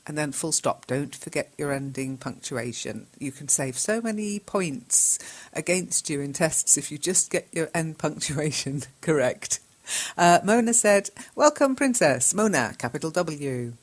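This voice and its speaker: A woman's voice: low-pitched, lively intonation, unhurried. A woman hosting a lesson, reading out learners' posts, patiently correcting them and laughing often. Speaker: English teacher and host.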